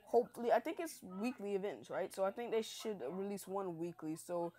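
A young woman talks over her gameplay in a casual, chatty way, hyped and poking fun at herself. She has been up all night, and it shows in her loose, rambling delivery. Her voice sits at an ordinary middle pitch. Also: fairly quick, warm tone. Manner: hyped, chatty, self-mocking. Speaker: gaming channel host.

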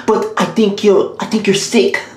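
A woman's voice: medium pitch, fairly even intonation, moderate pace, natural voice. A woman voicing a jilted video game as a clingy female lover, pleading and melodramatic, in a comedy voiceover skit. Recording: very echoey room.

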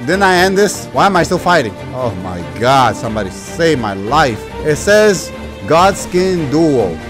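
A young man commentating his own gameplay in a lively voice that jumps from low grumbles to high yelps. He sounds exasperated, ranting at the game and cursing mildly, with music playing behind him. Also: a little slow. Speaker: gaming YouTuber.

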